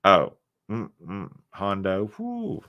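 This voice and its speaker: A man hosts a loose, chatty livestream, teasing his viewers and joking back at their comments. His voice sits on the low side and the sound is dry and close, with a loose, tipsy edge from wine. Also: animated, moderate pace, no room sound, highs cut off. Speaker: livestream host. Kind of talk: casual livestream chat with viewers.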